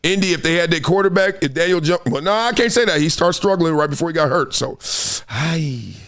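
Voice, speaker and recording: Lively high-voiced man talking sports. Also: fairly quick. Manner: animated, slangy, talks to viewers, breaks into sing-song bits. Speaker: sports show host. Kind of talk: casual sports commentary monologue.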